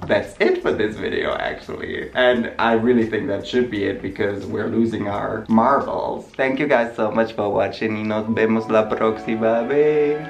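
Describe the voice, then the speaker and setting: A young man hosting a casual home vlog, playful and giggly, breaking into high squeals now and then. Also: fairly even intonation, normal speed, hardly any pauses, soft background music. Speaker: vlogger host. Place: home room.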